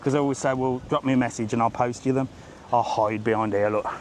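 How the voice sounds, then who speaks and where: Walking along a sunny seafront street, a middle-aged man vlogs live into a handheld phone, joking and ranting while a little out of breath. His medium-pitched voice is fairly even in intonation, and he talks fast. There's slight background noise.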